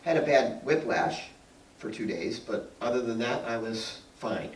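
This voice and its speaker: A man's voice: medium pitch, a little slow. A middle-aged man giving a talk to an audience, telling personal stories in a chatty way, laughing often and acting out what people said. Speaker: guest speaker and painter. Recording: roomy sound from a distant mic.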